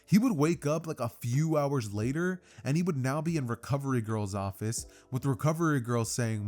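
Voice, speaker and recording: A man casually narrating a fan-made story in an energetic, slangy way. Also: medium pitch, moderate pace, few pauses.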